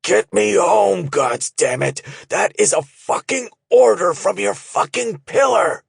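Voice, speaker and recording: A man reading an audiobook voices a badly wounded, proud clan leader, speaking in a strained, weak, hushed voice. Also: high voice, animated, slow, gravelly, breathy edge, no room sound, studio quality, pitched above the performer's own voice, exaggerated voice. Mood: furious.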